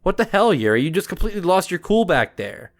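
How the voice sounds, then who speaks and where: Worried young woman, urgent and upset, voice pitched well up, a man voicing her. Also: big pitch swings, fast talker.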